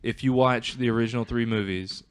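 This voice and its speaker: A man's voice: mid-range voice, fairly even intonation, fairly quick, smooth. A man guest on a casual podcast, talking in a thoughtful, analytical way.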